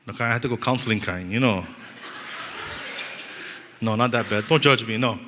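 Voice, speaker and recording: A young adult man from Hawaii with a Hawaiian Pidgin-inflected accent, preaching a storytelling sermon, animated and joking, acting out the voices of the people in his stories. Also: fairly low pitch, normal speed, background noise. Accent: Hawaiian Pidgin-inflected English. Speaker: pastor. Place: church hall. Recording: long reverb of a church hall.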